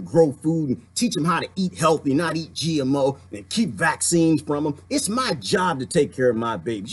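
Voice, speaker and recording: A man delivering an impassioned political rant, fiery and heated, swinging between outbursts and muttering to calm himself. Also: on the high side, breathy edge. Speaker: commentary vlogger.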